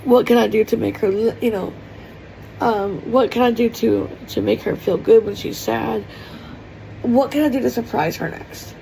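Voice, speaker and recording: A woman's voice: on the high side, normal speed, creaky, mellow, slight background noise, rough recording. A woman talking in a heartfelt, tearful personal vlog, rambling with many fillers as she speaks from her kitchen. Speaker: vlogger. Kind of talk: emotional personal vlog monologue. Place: home kitchen.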